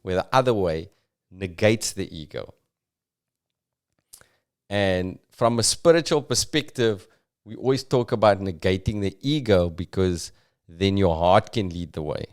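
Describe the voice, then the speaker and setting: Podcast host, South African man, reflective and halting, clear and lowish. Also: animated, a little mellow. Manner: thoughtful, halting, uses fillers. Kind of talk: reflective comic podcast monologue.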